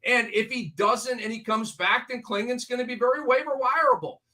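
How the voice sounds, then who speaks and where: Bright, energetic ranting male host. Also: very high-pitched, brisk. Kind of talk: late-night fantasy basketball talk show.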